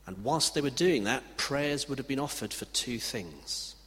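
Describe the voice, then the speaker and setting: A man's voice: medium pitch, animated, a little slow. Man preaching in a reverberant hall. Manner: emphatic, swings between loud declaration and hushed delivery. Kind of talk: sermon. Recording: reverberant hall with faint background noise.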